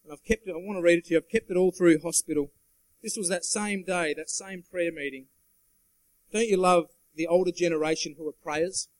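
A sweating guest preacher delivers an earnest sermon to a church congregation, his voice sitting high for a man, with a steady tone and brisk pace. He drives his points home with emphasis and calls out for the listeners' agreement. The sound is dry and close, with little room echo.

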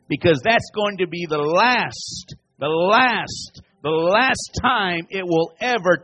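A pastor delivering a sermon and altar call, repeating phrases and rising to near-shouts as he preaches. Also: sits high, slow, few pauses, dry recording, soft background music.

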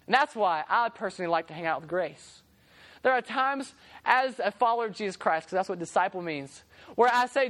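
A woman preacher tells her sermon as a lively story, slipping into characters and humorous asides. Her voice sits a little high for a woman. The delivery is conversational and playful. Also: normal speed.

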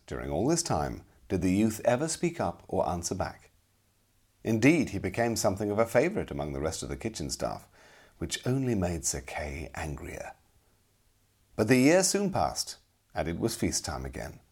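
A man narrating a storybook with expressive, dramatic storytelling. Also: low-pitched, moderate pace, husky.

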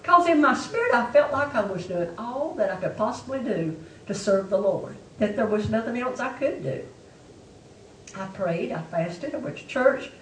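A woman's voice: on the high side, lively intonation, moderate pace, a bit bright, a little hiss or hum. A woman preaching a testimony sermon to her church with an emphatic, repetitive delivery. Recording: echoey room, mic far off.

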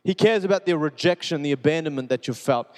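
A man preaching a sermon, earnest and repetitive, moving between soft and urgent passages. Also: a little high, quick pace. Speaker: pastor. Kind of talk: sermon with personal testimony. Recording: long reverb of a large hall.

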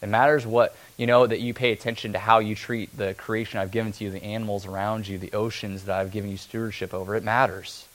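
A man preaching a sermon in a relaxed, conversational way, often slipping into quick acted-out asides. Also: fairly low pitch. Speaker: pastor.

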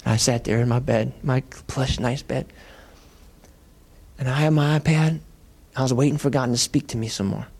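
Guy preaching in church, chatty lively storytelling, middle pitch. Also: normal speed, vocal fry, husky. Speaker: pastor. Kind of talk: sermon storytelling.

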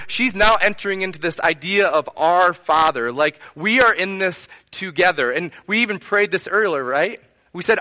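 Bright-voiced man preaching a sermon. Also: sits high, expressive, normal speed. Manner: earnest, repeating phrases in rhetorical lists; asks the congregation direct questions. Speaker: pastor.

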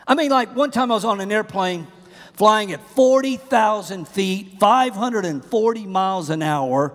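A middle-aged man preaching a humorous, animated sermon in a large church auditorium. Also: high voice, normal speed, long reverb tail. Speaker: pastor.

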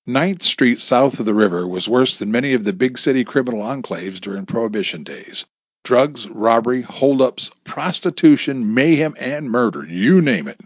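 A man's voice: medium pitch, expressive, normal speed, husky, no room sound, clean studio sound. A man narrating an audiobook expressively, shifting between character voices.

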